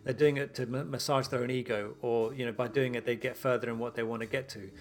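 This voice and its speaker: A young adult man, a doctor, chatting casually and telling stories with lively acted-out quotes. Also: medium pitch, fast. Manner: lively storyteller who acts out quoted exchanges. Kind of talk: casual podcast chat.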